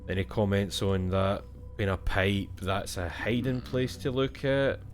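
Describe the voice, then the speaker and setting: A man's voice: on the low side, measured pace, slight background noise. A young Scottish man playing a video game and thinking aloud in casual, swear-filled commentary. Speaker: gaming streamer.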